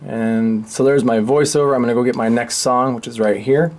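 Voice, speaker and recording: A man's voice: mid-range voice, brisk. Laid-back man walking through a radio lesson. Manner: relaxed, offhand, thinks aloud with restarts. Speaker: radio teacher. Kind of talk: casual screen-share tutorial.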